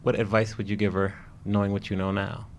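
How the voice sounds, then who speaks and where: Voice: sits low, little pitch movement, fairly quick, slight background noise. A podcast host asking interview questions in an upbeat, loose way and laughing along with the guest. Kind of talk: casual interview.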